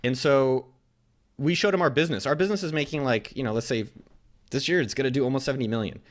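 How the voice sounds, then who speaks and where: Man, blunt and quick, casual guest interview, salty language, medium pitch. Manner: blunt, fast, swears freely, acts out quotes. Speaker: guest entrepreneur.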